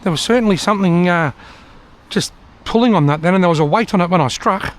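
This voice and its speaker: A man's voice: high voice, fast. Chatty Australian man fishing outdoors. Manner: chatty, dry humour, talks to himself. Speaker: fishing vlogger. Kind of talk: casual vlog commentary. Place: outdoors by a river.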